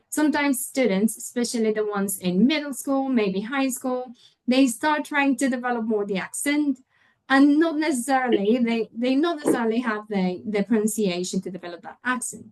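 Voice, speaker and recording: A woman runs an online English teaching webinar. Her voice sits slightly high as she explains pronunciation patiently through a computer mic. She often stops to check on her audience. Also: normal speed, darkish tone, low-quality recording. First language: Spanish.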